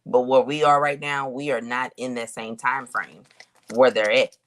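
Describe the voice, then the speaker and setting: A woman giving a casual spiritual reading to her viewers, thinking aloud with drawn-out hums and pauses and talking to them in a colloquial, direct way. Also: rumbling low, flat delivery. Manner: colloquial, addresses viewers as y'all. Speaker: intuitive reader.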